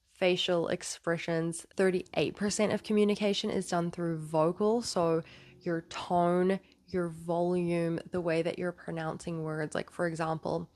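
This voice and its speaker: Vlog host, woman, lowish voice, dry close sound, earnest and explanatory. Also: darkish tone, dry recording. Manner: earnest, explanatory, acts out quoted lines. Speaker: relationship advice video host. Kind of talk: casual advice talk to camera.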